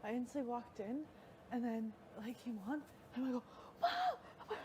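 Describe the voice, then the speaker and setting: Young woman, casual chat, bright high voice, animated retellings, noisy live feed audio. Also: fairly quick. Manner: excitable, quotes others in animated voices. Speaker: reality show houseguest. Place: live feed house recording.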